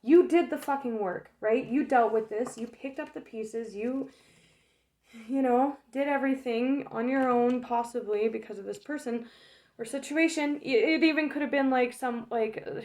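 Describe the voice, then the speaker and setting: A woman giving a casual tarot reading, frank and emotional, swearing freely, laughing often and filling pauses with um and like. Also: fairly high pitch, a little mellow. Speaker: tarot reader.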